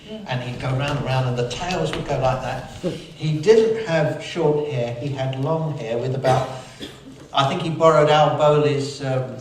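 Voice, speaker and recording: An older man, presenting a live lecture-recital from the piano in a chatty, halting, chuckling way. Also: mid-range voice. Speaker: pianist and presenter. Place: theatre stage with a live audience. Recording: echoey hall, distant mic, loud piano.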